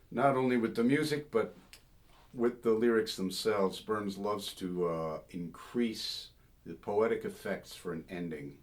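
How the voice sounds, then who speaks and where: A very low-pitched man talks through the history of an old song in a relaxed, digressive way. He muses aloud, pauses on details, and now and then breaks into a sung phrase to make his point. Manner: thoughtful, digressive, sings short phrases to illustrate. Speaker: folk singer and song scholar. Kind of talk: informal spoken commentary on a song.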